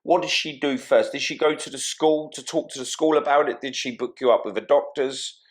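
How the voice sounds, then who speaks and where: A man hosts a podcast interview in a mid-range voice, asking slow, careful questions. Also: medium pitch. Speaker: podcast host.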